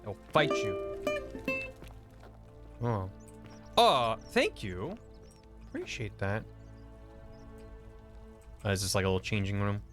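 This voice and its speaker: A man's voice: on the low side, huge pitch swings, slow pace, long pauses, a bit bright, soft background music. A man giving jokey, casual commentary while streaming a video game. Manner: jokey, chatty, talks to the game characters.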